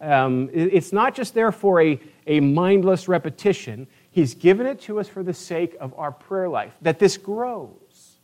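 A man's voice: high-pitched, animated, unhurried, a little mellow. A man pastor preaching a sermon in a church, earnest and conversational, with frequent restarts. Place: church sanctuary.

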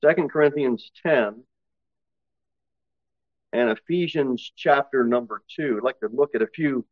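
A man preaching a sermon, swinging from loud exhortation to low, intense asides and slowing down to read scripture aloud. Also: no echo. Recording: dull, dry lo-fi recording.

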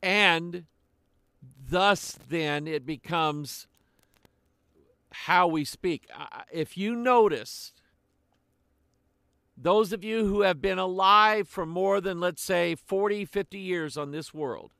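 An older man preaching a sermon in a slow, deliberate way, with frequent pauses. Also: sits high, gravelly, bright, forceful tone, clean tone, no echo, studio quality.

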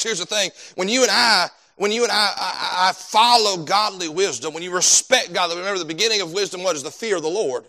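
A male preacher delivering a sermon, speaking in a fairly high register. His voice is bright and forceful. He preaches with fervent emphasis and repeats words as he builds toward his points. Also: fairly quick, hardly any pauses.

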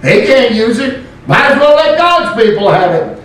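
A man's voice: very high voice, sing-song, normal speed, fairly bright tone, pitched above the performer's own voice, exaggerated voice. A male pastor putting on a smug, greedy ancient man who rationalizes stealing during his sermon. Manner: smug, scoffing. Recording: very echoey room, mic far off.

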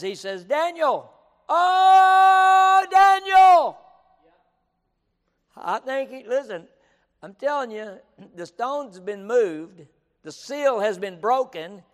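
A male pastor preaching a sermon in an emphatic style, repeating his points and often breaking in with "listen". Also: sits high. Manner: emphatic, repeats himself, keeps saying "listen". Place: auditorium. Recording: reverberant auditorium.

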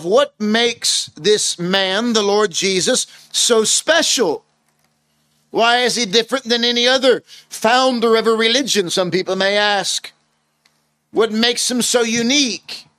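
A man's voice: high voice, measured pace, pushed and bright, no echo. A man preaching a sermon in an earnest, emphatic way, asking his listeners rhetorical questions.

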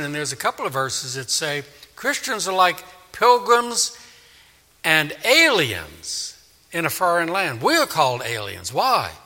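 A male preacher with a very bright, sharp voice delivers a sermon, slipping into dramatic voices for God and the crowd. His voice sits a little high, and a long reverb trails each phrase. The sound carries the echo of a large hall. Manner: dramatic, acts out God's and people's voices. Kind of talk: expository sermon.

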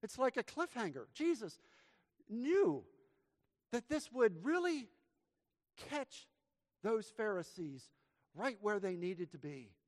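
Slow, dramatic preaching man. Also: very animated. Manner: dramatic, swings between loud emphasis and hushed lows. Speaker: pastor. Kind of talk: sermon and prayer. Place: church sanctuary. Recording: long hall reverb from church.

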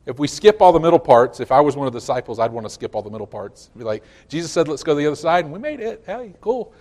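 Hoarse, emphatic preacher man. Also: very animated, fast talker. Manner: emphatic, swinging from loud declarations to low asides. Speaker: pastor. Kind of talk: sermon. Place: church sanctuary.

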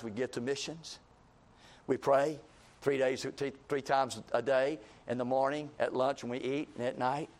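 A man preaching a sermon, reading scripture in an old-fashioned cadence and swinging between impassioned shouts and low, quiet passages. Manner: rising to impassioned shouts, then dropping low.

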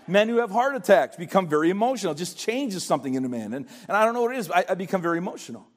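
Older man, pastor, sermon, high voice, pleading, stammering restarts. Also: very animated, very fast.

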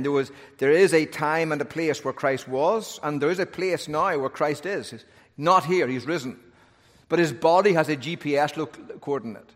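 Lively male preacher in a reverberant hall. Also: on the high side, moderate pace. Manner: animated, humorous asides. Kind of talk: sermon.

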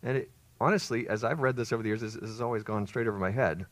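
A man preaching a sermon, swinging between loud emphatic peaks and quiet low asides. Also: racing, no room sound. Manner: expressive, rises to loud emphasis then drops low. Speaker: pastor.

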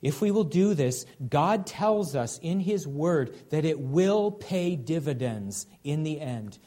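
A man's voice: on the high side, animated, slow, mellow. Earnest man preaching a sermon. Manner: earnest, conversational preaching with frequent "okay?" asides. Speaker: pastor.

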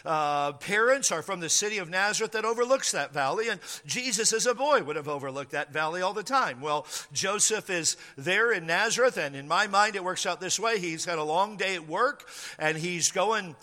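A male pastor preaching a storytelling sermon, animated and acting out scenes, in an echoey church hall. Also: sits high, moderate pace.

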